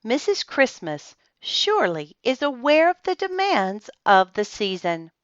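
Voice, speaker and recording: A woman's voice: on the high side, big pitch swings, measured pace, dry recording, highs cut off, pitched above the performer's own voice. A woman voicing a prim, proper mother in a storybook reading.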